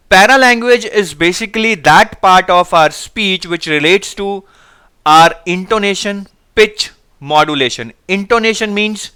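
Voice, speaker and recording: A high-voiced man teaches a live online class. His tone is bright and clean, close to the mic. He keeps calling on viewers to answer and reads their replies out. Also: smooth. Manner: energetic, coaxing viewers to answer. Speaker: online exam-prep teacher.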